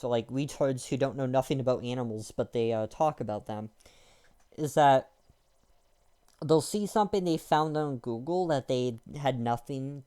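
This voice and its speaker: A young man with a dark, mellow and smooth voice delivers a rambling, irritated rant. He talks crudely and loosely, with lots of fillers and restarts. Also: on the high side. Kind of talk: casual ranting monologue.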